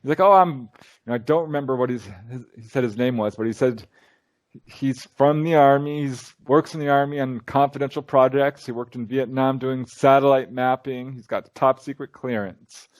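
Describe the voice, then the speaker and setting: A man's voice: medium pitch, moderate pace. A man being interviewed as a researcher, telling stories in a casual way and acting out the dialogue. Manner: animated, acts out quoted dialogue. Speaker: guest, UFO researcher and lecturer.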